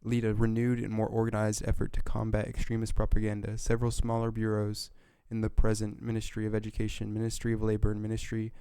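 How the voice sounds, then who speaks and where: A stern old dictator delivers a formal speech to his council, as a gamer reads him aloud. The voice is gravelly and flat, and the recording is dry and close. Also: lowish voice, no echo, natural voice.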